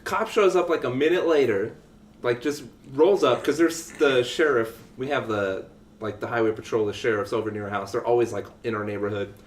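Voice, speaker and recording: A young adult man co-hosting a podcast, telling a story in an animated, laughing way and swearing freely. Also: mid-range voice, a little fast, slight background noise. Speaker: podcast co-host. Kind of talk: casual storytelling chat. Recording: echoey room.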